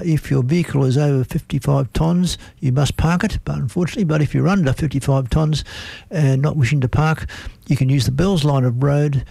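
A man's voice: on the high side, vocal fry, warm tone, no room sound. A man with an Australian accent presenting a community radio show in a chatty, rambling way.

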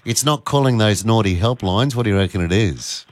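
A man's voice: fairly low pitch, animated, brisk, dry recording. A man hosting talkback radio, chatting with callers in a cheeky, jokey way. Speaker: radio host. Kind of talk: casual talkback radio chat.

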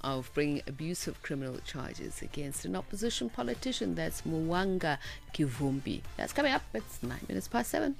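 A woman's voice: low-pitched, big pitch swings, normal speed, creaky, music in the background. A woman co-hosting live morning radio, previewing the coming stories in a conversational way. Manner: warm, conversational, reads headlines with fillers. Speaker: radio morning show co-host. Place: radio studio.

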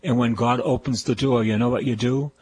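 A man's voice: medium pitch, fairly even intonation, fairly quick, darkish tone, a little hiss or hum, low-quality recording. An older man with a Boston accent preaching a fervent radio sermon, repeating phrases of praise. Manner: fervent, repetitive preaching with call-and-response praise.

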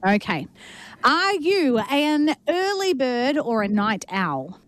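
An upbeat woman hosts a casual music podcast, chatting and laughing easily with her guest. Her voice sits a little on the high side. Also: very animated, slow, a bit bright. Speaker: podcast host. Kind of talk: casual interview chat.

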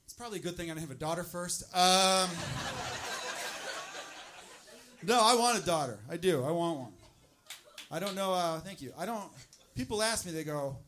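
A male stand-up comedian doing jokes and crowd work, animated and teasing, on a handheld mic in a comedy club. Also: high voice, moderate pace, pauses often. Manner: animated, teasing, talks to audience members. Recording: noisy live club recording.

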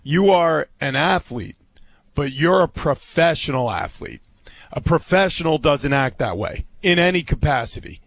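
Earnest male sports co-host, slightly high. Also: animated, a little slow, no echo. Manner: earnest, lecturing, repeats for emphasis. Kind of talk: sports talk commentary.

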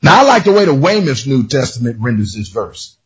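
A man preaching a lively sermon, telling a story in character and calling out to his congregation. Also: medium pitch, brisk, slightly rough, lo-fi sound. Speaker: pastor.

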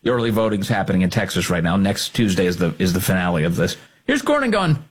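A man's voice: sits low, sing-song, fast talker, hardly any pauses, breathy edge. A male host delivering combative political commentary, emphatic and fond of repeating his points for effect.

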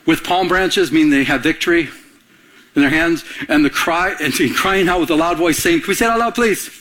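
The speaker is a middle-aged male pastor with a fairly high, fairly bright voice and a moderate delivery. His sermon is conversational, full of rapid rhetorical questions and calls for the congregation to answer back.

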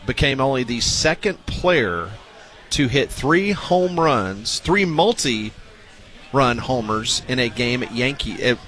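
A man's voice: medium pitch, animated, takes it slowly, fairly bright tone. A man hosting a sports talk radio show, chatting casually and reading out baseball news.

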